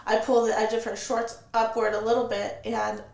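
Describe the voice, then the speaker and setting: A woman's voice: a little high, little pitch movement, normal speed, gravelly, darkish tone, roomy sound, rough recording. A woman telling her own story as an interview guest, recounting events steadily and vividly and acting out the dialogue.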